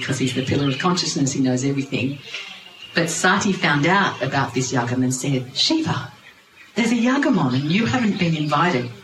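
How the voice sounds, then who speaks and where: A storyteller recounting a sacred tale to a gathering with wry, animated asides. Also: medium pitch. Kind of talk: lively spiritual storytelling to a group. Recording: roomy, noisy ambience.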